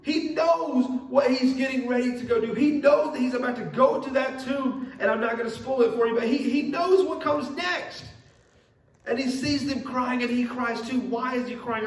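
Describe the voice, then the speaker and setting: A man's voice: very high voice, moderate pace. A young man preaching a sermon as pastor, earnest and repeating key phrases for emphasis. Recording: echoey room, mic at a distance.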